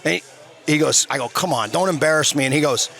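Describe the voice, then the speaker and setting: A man's voice: on the high side, quick pace, creaky, fairly bright tone. A man in his fifties, a podcast guest casually telling a long story, rambling and swearing with lots of restarts. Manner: rambling, profane, frequent restarts.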